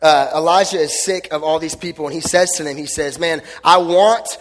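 A man's voice: fairly high pitch, steady tone, brisk. A man preaching a casual, joking youth sermon, chatty and full of slang, talking to teens in a church hall. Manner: joking, chatty, uses lots of slang fillers. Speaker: youth pastor. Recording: long hall reverb.

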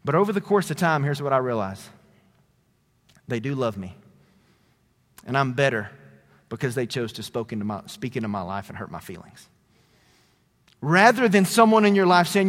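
A man preaching a sermon as a pastor, conversational, shifting between loud emphatic lines and quiet, dropped phrases. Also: mid-range voice, very animated, moderate pace, pauses often, big-room sound.

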